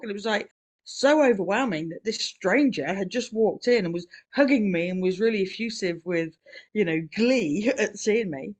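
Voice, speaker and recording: A New woman talks in a loose, chatty way on a podcast, filling her story with "um"s and "you know"s. She rambles but keeps a warm, storytelling flow, with quick laughs between remarks. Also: medium pitch. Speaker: podcast co-host. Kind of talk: casual conversation.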